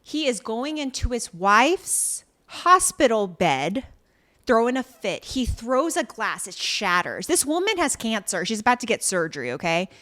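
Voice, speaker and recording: A woman co-hosts a casual podcast, recapping a drama episode scene by scene. Her pitch swings widely as she slips into quoted lines from the characters. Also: very animated, unhurried, bright, forceful tone. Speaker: podcast co-host.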